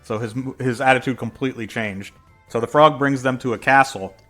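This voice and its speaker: A man's voice: mid-range voice, fairly quick, a bit bright, soft background music. Rambling man retelling a comic. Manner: rambling, with fillers and self-corrections. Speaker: reader retelling a fan comic. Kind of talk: casual storytelling.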